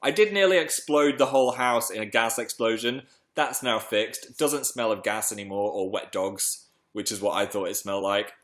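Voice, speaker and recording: A man's voice: moderate pace, fairly bright tone. A young man hosting a casual livestream from home, chatting playfully and reading comments aloud. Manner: chatty, playful, jumps into high silly voices. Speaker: livestream host.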